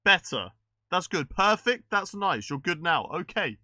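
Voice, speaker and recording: A man's voice: high-pitched, big pitch swings, unhurried, bright, forceful tone, no room sound. A man streaming a racing game live, chatting casually with his viewers while he fixes his microphone settings. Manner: chatty, fiddling with settings, checking with chat. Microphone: desk microphone.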